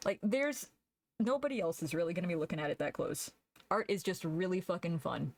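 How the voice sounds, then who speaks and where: A woman's voice: lowish voice, brisk. A young woman streamer chatting casually while she draws, laughing often and answering her chat aloud.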